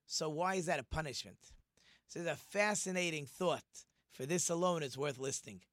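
A man teaching an informal Torah lesson, animated and acting out the quoted speech of the figures he discusses. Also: a little high, normal speed, dry recording, studio quality. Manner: animated, acts out quoted speech in different voices.

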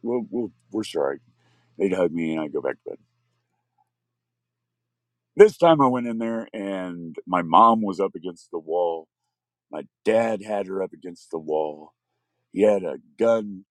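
A man's voice: fairly low pitch, no echo. A man telling a personal story, acting out the voices of the people in it. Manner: animated, acts out quoted voices.

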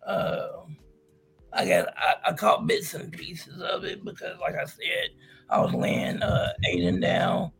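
A man's voice: high voice, steady tone, measured pace, gravelly, a bit bright, a little hiss or hum. A man chatting on a podcast in a hesitant, mumbling way with many fillers. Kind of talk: casual chat.

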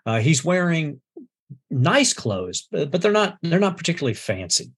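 Husky male game master narrating. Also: on the high side, big pitch swings, normal speed. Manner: hesitant, many fillers and restarts.

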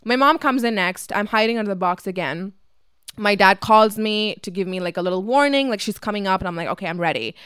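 A young woman vlogger telling a casual, fast, filler-heavy story with lots of swearing, acting out her family's voices as she goes. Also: mid-range voice, a bit bright, clear, resonant tone, dry recording, studio quality. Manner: acts out family members' voices.

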